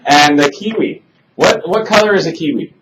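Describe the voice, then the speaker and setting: A man's voice: a little high, expressive. Male ESL teacher, easygoing and talkative, leading class chat over background noise. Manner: friendly, chatty, asks simple questions slowly. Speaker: English teacher. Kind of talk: conversation class with students.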